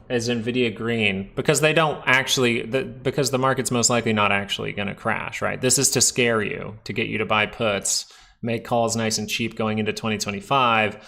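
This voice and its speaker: A man's voice: fairly low pitch, steady tone, normal speed, creaky, pushed and bright. A young man hosting a casual stock market livestream, chatting loosely and talking straight to his viewers in the chat. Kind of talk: casual live-stream market commentary.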